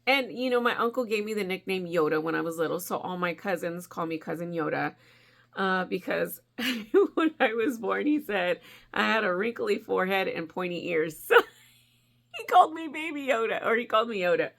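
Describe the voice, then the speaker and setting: Chatty, animated woman in her forties. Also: medium pitch, normal speed, vocal fry. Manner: chatty, animated, laughs often. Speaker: crochet vlogger. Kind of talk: rambling casual storytelling.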